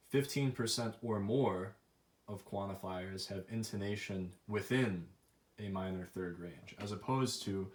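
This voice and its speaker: A young man giving an academic presentation, thoughtful and a little hesitant, with fillers as he explains his research. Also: low voice. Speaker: student presenter.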